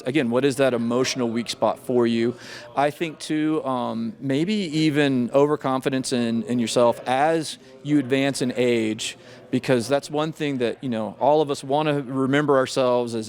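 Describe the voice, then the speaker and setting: A middle-aged man, an FBI agent, answering interview questions about scams in a measured, thoughtful way with frequent restarts. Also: mid-range voice, a little mellow.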